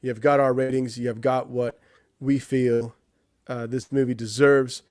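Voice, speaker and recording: Co-host, male, chatty and rambling, dry close sound, plain mid pitch. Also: level tone, unhurried, darkish tone, no room sound. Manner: rambling, many restarts and "you know". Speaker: podcast co-host, movie reviewer. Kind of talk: casual chat.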